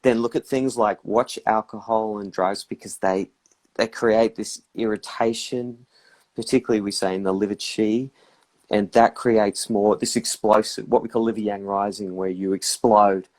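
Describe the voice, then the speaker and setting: A man's voice: lowish voice, steady tone, moderate pace, a little mellow. Man, reflective advice, acts out inner voices, live chat. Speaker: guest practitioner.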